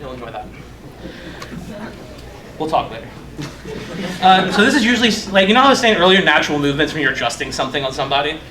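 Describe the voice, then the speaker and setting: A young man with a fairly high voice gives a loose, profane conference talk. He jokes at his own expense, and his voice rings around a roomy, echoey hall. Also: lively intonation, very fast, pushed and bright. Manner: loose, profane, joking, self-mocking. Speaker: conference speaker.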